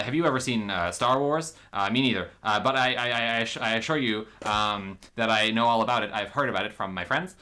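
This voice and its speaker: A man's voice: lowish voice, sharp tone. A man doing a stammering nerdy suitor. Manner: halting, stammering, full of ums. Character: awkward nerdy man asking a woman on a date.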